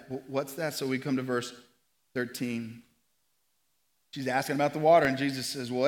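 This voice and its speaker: A male lead pastor preaching a sermon, animated, acting out voices in the story and swinging between loud emphasis and quiet, low moments.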